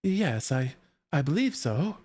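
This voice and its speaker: A man's voice: fairly high pitch, sing-song, slow, a little mellow, faint music behind, voice pushed up, exaggerated voice. A man voicing a polite young princess from a video game, speaking in an earnest, courteous way.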